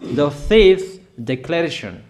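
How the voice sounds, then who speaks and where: Male preacher, higher voice, slow and emphatic sermon delivery. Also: big pitch swings, a little mellow, soft background music. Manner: slow, emphatic proclamations in short phrases.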